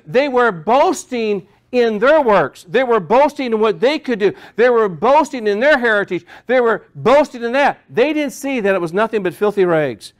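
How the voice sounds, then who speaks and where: A male pastor preaching a sermon, repeating phrases and building emphasis as he goes. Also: extremely high pitch.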